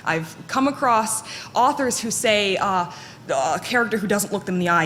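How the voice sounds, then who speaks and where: Fairly monotone woman in an echoey hall. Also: mid-range voice, moderate pace. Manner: candid, self-deprecating, chatty with many fillers. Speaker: conference speaker. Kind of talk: live conference talk. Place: conference hall. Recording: echoey hall with faint noise.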